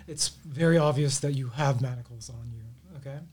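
Guy running a tabletop game, laid back scene-setting, pauses and ums. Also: medium pitch, slightly rough. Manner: descriptive, relaxed, halting with fillers. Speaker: game master.

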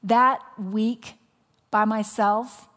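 A woman pastor preaching a sermon, telling a story with animation and dropping into soft, whispered appeals. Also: medium pitch, steady tone, drawn-out words, in a large hall. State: recovering from voice loss.

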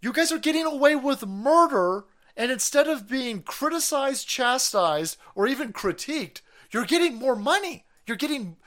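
Male streamer host, foul-mouthed ranting commentary, bright edgy tone, pitch swinging wide. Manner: profane, mocking, loud outbursts. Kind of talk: livestream commentary rant.

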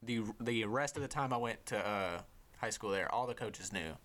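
A young man, a podcast host, telling a casual, profane story with lots of energy and sometimes dropping to a hushed voice. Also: fairly low pitch, moderate pace. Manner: profane, animated storyteller who drops to a hushed voice for inner thoughts.

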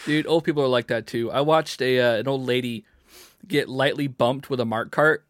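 A young man co-hosts a casual podcast in a middle-pitched voice. He is laid-back and slangy and laughs easily. The recording is close and dry. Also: fairly even intonation, moderate pace, no room sound. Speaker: podcast co-host. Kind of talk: casual chat.

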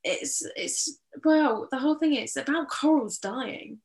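Young woman, podcast co-host, casual and sweary, slightly high voice, roomy echo. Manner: chatty, swears casually, quick restarts. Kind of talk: casual chat.

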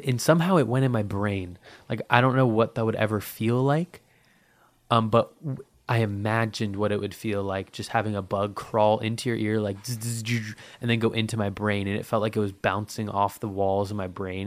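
A man's voice: fairly low pitch, no echo. A man hosting a podcast in a casual, rambling monologue, swearing often and dry-mouthed from thirst. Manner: profane, rambling, heavy with fillers. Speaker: podcast host.

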